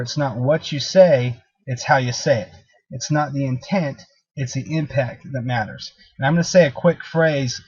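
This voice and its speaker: Husky-voiced man coaching sales staff. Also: medium pitch, darkish tone, no echo, dull audio. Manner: emphatic, coaching, direct. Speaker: sales trainer. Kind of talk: recorded training talk.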